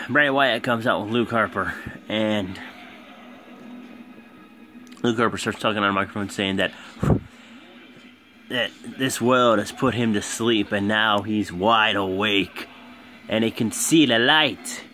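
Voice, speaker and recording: A man casually and excitably recapping a wrestling show for his viewers. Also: fairly low pitch, takes it slowly, pauses often. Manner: excitable, animated retelling. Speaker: video host.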